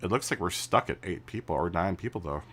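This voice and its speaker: Animated and fast, this man has a low but fairly bright, slightly rough voice as he streams a racing game. He chats casually with his audience, laughing often and restarting his sentences, on a studio mic run through a mixer.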